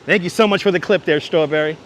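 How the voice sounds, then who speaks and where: A man's voice: fairly high pitch, quick pace. A man with a Brooklyn accent hosting a walking-tour livestream outdoors in the city, chatting with viewers and thanking them by name. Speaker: livestream host. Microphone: wireless clip-on mic. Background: faint city traffic.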